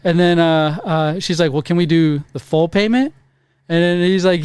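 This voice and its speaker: A profane man spins a story on a casual podcast, acting out what everyone said. His voice sits high and clean. The sound is dry and close. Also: moderate pace, darkish tone, clear, resonant tone, dry recording. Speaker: podcast co-host. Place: podcast studio.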